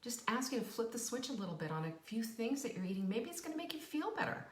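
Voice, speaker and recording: A middle-aged woman hosting a live stream, giving an emphatic, animated motivational talk and playfully acting out quoted voices. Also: a little high, fast. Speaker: host of a live cooking and nutrition show. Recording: roomy echo, voice a bit off-mic.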